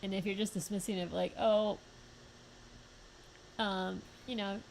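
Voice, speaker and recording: A young woman streaming a fighting game, reacting with quick yelps, groans and laughs between plain remarks. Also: mid-range voice, steady tone, creaky, a little hiss or hum. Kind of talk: live gameplay commentary.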